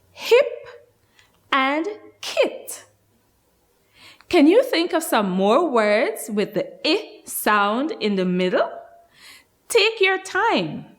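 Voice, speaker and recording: A woman with a Guyanese accent teaching a nursery class, speaking slowly and spacing her words clearly for small children. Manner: slow, clearly spaced words with lively rises in pitch. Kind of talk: slow, sing-song lesson for young children.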